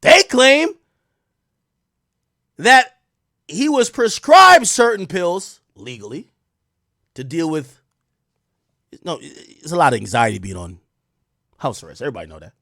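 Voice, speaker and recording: A man hosting a live stream, telling a story in a profane, excitable way that swings from loud outbursts to low mutters. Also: a little slow, vocal fry, pauses often, no room sound, studio quality. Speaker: streamer host.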